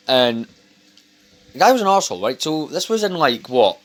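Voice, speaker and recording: A man's voice: medium pitch, lively intonation, a little fast, fairly bright tone. A young man vlogging at home over dinner, talking casually in a rambling, blunt and sweary way. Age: young adult. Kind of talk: casual chat to camera.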